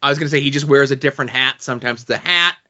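A man's voice: mid-range voice, very fast, sharp tone, muffled recording. A man co-hosting a wrestling podcast in casual chat, hesitant and full of fillers and restarts. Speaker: podcast co-host.

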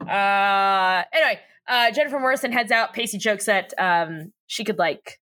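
A woman co-hosting a podcast recaps a TV episode in a casual chat, giggly and rambling with lots of fillers and laughter. Her mid-range voice is a little slow, bright and forceful, with long pauses.

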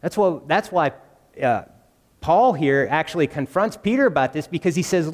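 Male preacher, fairly high voice, chatty sermon style, long church-hall echo. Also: lively intonation, moderate pace, a little mellow. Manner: conversational, asks the congregation questions.

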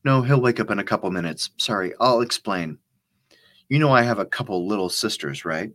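Casting: man doing a brisk, winded female spy, low voice. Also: animated, a bit bright. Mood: breathless. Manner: brisk, matter-of-fact. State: out of breath. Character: tough young female field operative, blunt.

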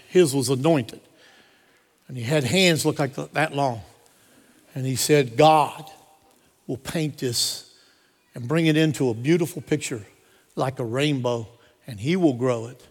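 A pastor preaching a sermon, driving points home through repetition and telling personal stories. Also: male voice, mid-range voice, husky. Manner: repetitive emphatic preaching cadence. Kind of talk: sermon with storytelling. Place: church sanctuary. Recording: long reverb of a church hall.

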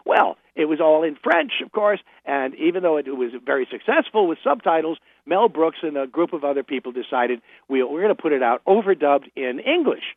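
A man's voice: fairly high pitch, sing-song, fairly quick, hardly any pauses, no room sound. An older man chatting as a radio guest, telling stories with laughs and restarts. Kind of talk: casual anecdotal interview. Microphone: phone. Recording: phone line.

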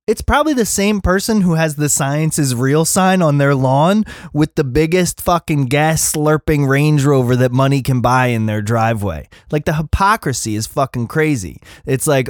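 A man's voice: mid-range voice, moderate pace, dry recording, clean studio sound. Profane, ranting male podcast host. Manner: profane, animated storytelling with mimicked voices. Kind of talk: casual solo rant.

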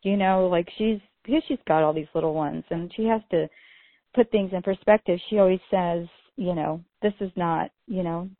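A middle-aged woman talks casually on a podcast, telling stories with many fillers. Her voice sits a little low and sounds gravelly. The recording is dry and thin, like a phone line. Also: normal speed, dry recording. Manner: chatty, storytelling, many "you know" fillers. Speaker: podcast co-host.

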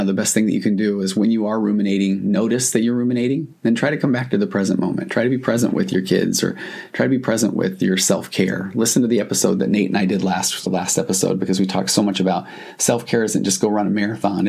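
A man's voice: lowish voice, gravelly, a little mellow, husky. A man hosting a podcast, talking earnestly and reassuringly straight to the listener. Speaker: podcast host. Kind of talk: reflective podcast monologue.

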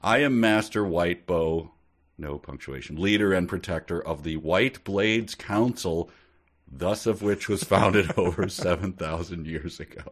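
A man with a very low voice co-hosting a comedy book podcast. He reads lines from a novel aloud and then comments wryly, often laughing at the text. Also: unhurried. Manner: wry, reads passages then jokes about them. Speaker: podcast co-host. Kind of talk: comedic book-reading chat.

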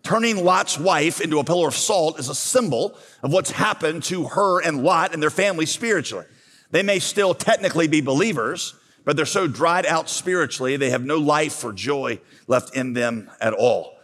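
A man's voice: a little high, normal speed, a bit bright. Man preaching in a reverberant hall. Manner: storytelling with rhetorical questions. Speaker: pastor. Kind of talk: sermon.

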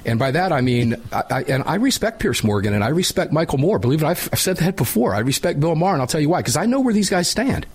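A man hosting a talk radio show, speaking in a blunt, opinionated and animated way. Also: a little high, fast talker, hardly any pauses, breathy edge. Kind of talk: casual talk radio chat. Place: radio studio.

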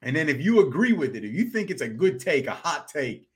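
A man co-hosting a sports podcast in casual chat, animated and quick to exclaim in disbelief. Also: a little high. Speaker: podcast co-host.

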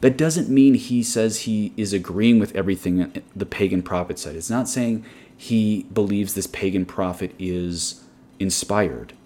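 In an unhurried, mellow, lowish voice, a Catholic preacher gives a guided meditation in sermon form. He comes across as earnest and opinionated, drifting into digressions along the way.

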